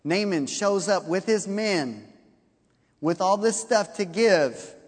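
High-voiced preacher in a reverberant hall. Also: male voice, takes it slowly, husky. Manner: animated storytelling, acting out characters' lines. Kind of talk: sermon.

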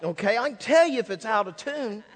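A male pastor delivers a sermon from a church stage in a fairly high voice. He tells stories with imitated sound effects. His voice rings out with a long reverb through the hall. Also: brisk. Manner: lively storytelling with sound effects. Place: church sanctuary.

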